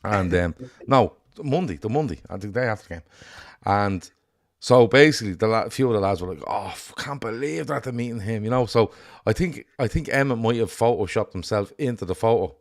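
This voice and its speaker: A man with an Irish accent co-hosting a casual football chat, blunt and sweary in an animated rant. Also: on the low side, fairly quick. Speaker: podcast co-host.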